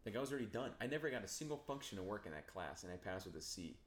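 A man's voice: on the low side, lively intonation, very fast. A young man co-hosting a casual podcast chat, laid-back, swearing freely and trailing into fillers. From New Jersey. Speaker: podcast co-host. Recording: echoey room with faint ambient noise.

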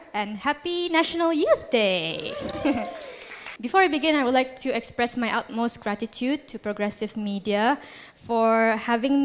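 A woman content creator opening a formal, prepared speech politely, beginning with an Islamic greeting. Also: on the high side. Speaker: invited speaker, content creator.

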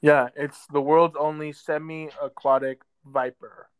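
Slow-talking man on a casual podcast. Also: a little high, level tone, smooth. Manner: laid-back, drawn-out, with many ums. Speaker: podcast co-host. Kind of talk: casual chat. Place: lives in a southern US metro area.

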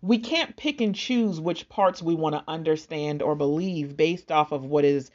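A woman's voice: sits low, moderate pace, a little mellow. A young woman earnestly recounting a personal loss and her faith, in an emotional, storytelling way. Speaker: speaker sharing a personal testimony. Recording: dull lo-fi sound.

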